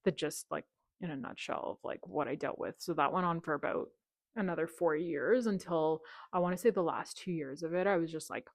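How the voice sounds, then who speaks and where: A woman in her thirties, a podcast guest telling a personal story in a candid, animated way, acting out quoted dialogue and saying "like" often. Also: sits low, brisk, creaky, dry recording, clean studio sound.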